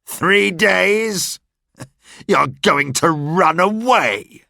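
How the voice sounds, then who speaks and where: A man's voice: high-pitched, lively intonation, very slow, vocal fry, pushed and bright, no echo, clean studio sound, pitched above the performer's own voice, full character voice. A man voicing a harsh police inspector who gives cold orders. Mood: stern. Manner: cold, commanding.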